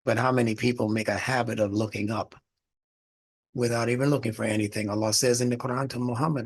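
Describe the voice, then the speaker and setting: A man's voice: mid-range voice, steady tone, fast talker, breathy edge. A man teaching a religious studies class in a lecture, explaining word meanings and asking the class rhetorical questions.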